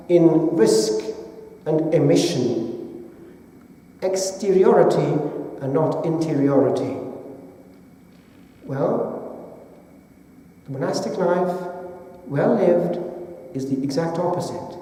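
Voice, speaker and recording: Priest from England preaching a sermon, high-pitched and mellow, heard from far off in a long-echoing church hall. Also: male voice. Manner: measured, deliberate delivery with long pauses.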